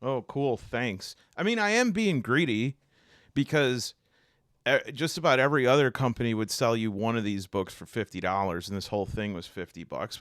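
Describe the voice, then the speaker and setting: A man casually unboxing tabletop games, animated and exasperated, rambling with many restarts. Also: medium pitch, moderate pace, no room sound, studio quality. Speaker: tabletop game reviewer.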